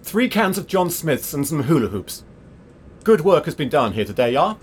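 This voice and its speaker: An actor playing a pretentious avant-garde theatre director who speaks in clipped pronouncements, often tagged with a questioning "yeah?". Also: male voice, fairly high pitch, sing-song, normal speed, slight background noise. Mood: terse directing. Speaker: self-styled theatre director. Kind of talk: sitcom acting.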